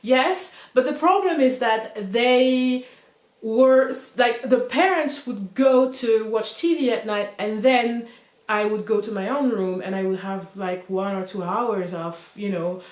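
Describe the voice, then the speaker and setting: A woman's voice: fairly high pitch, unhurried. A woman, telling a personal story in English in a casual, rambling way full of "like" and "you know". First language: French. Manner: chatty, rambling, heavy use of "like" and "you know". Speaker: vlogger. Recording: roomy echoey room.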